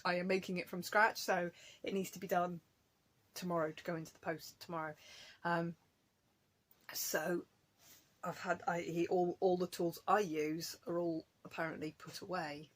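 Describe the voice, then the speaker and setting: A woman's voice: lowish voice, little pitch movement, normal speed. Chatty woman rambling to camera. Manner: rambling, chatty, laughs often. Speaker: craft vlogger. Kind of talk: casual chat to camera. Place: at home.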